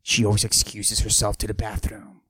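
A man playing a boastful macho character, pushing his voice low and husky and often dropping to a whisper while he brags deadpan. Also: moderate pace, no room sound. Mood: swaggering. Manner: boastful, deadpan absurd bragging. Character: cocky macho man with a forced deep voice. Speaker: podcast host. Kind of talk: comic character monologue.

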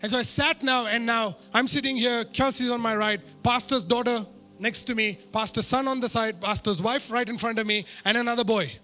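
High, bright-voiced man preaching. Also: brisk, soft background music. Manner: animated, self-mocking humor. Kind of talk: storytelling sermon.

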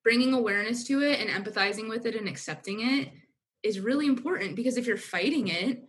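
A woman's voice: a little high, quick pace, a bit bright. A young adult woman, a business coach, talking candidly in a casual podcast conversation, with lots of filler words. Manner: candid, uses filler "like" and mild swearing.

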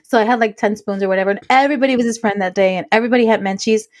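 A woman's voice: medium pitch, rapid-fire. A woman co-hosting a podcast, telling a story in casual chat, acting out the quotes and slipping in Spanish. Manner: lively storyteller, acts out quotes, Spanish asides. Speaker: podcast co-host.

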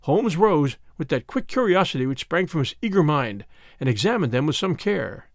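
An audiobook narrator, a man with a fairly high voice, reads a detective story aloud at a moderate pace with expressive storytelling. The scripted narration is recorded in clean studio sound with no room sound.

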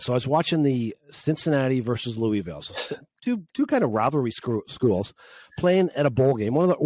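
A man from Canada with a mid-pitched voice talks in a casual chat. He rambles and complains, restarting his sentences, and the sound is dry and close. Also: a little mellow, no room sound. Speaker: podcast co-host.

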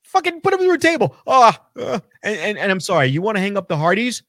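A man with a notably high voice, rants about wrestling in a casual talk show, swearing freely and getting worked up. The sound is dry and close, with no room around it. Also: fast, dry recording. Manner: animated, profane ranting. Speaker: podcast co-host.

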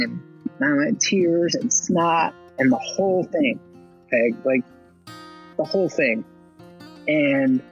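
A man's voice: fairly high pitch, vocal fry, lo-fi sound. A veteran and motivational speaker from Baltimore, telling his story with swearing and acted-out quotes. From Baltimore, USA. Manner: animated storyteller with profanity, acts out quotes. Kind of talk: storytelling interview.

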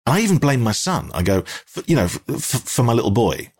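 A man's voice: mid-range voice, big pitch swings, a little fast, husky. A man with an English accent, telling a rambling, self-deprecating story as a guest in a casual conversation, hesitating often.

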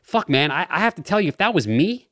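A man's voice: on the high side, sing-song, fast talker, a bit bright, no room sound, clean studio sound. A man in casual chat, agreeing and talking with some swearing. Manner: agreeable, conversational, profane.

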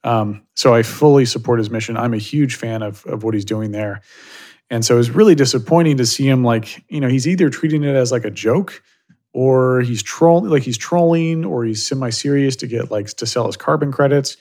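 Relaxed rambling man, mid pitch. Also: moderate pace. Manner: thoughtful, loose and rambling with many fillers. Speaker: guest. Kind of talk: casual conversational interview. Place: Silicon Valley.

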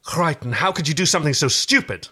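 A man's voice: a little high, animated, fast talker, sharp tone, husky, heavily acted. A scornful female soldier, as a man puts her on, hard-edged and accusing. Each line lands with clipped contempt. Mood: angry.

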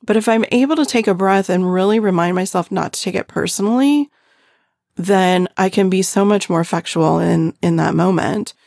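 A middle-aged woman talking gently and earnestly about parenting, often checking in with the listener by asking "right?". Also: mid-range voice, normal speed, gravelly, no echo, studio quality. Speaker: parenting podcast host. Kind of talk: reflective parenting talk.

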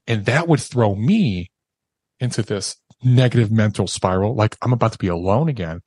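A man's voice: fairly low pitch, lively intonation, a little fast, darkish tone, breathy edge, no room sound. A man, a podcast guest, telling a raw, emotional personal story and swearing casually as he talks.

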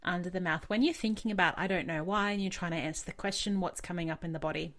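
A woman hosting a podcast, calmly guiding a tapping session with short directive prompts. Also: lowish voice, quick pace. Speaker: podcast host and tapping coach.

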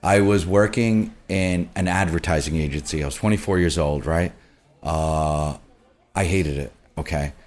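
Deep-voiced man telling bar stories. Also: moderate pace. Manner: animated, acts out quoted people. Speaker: bar and restaurant group manager. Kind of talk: casual conversational storytelling.

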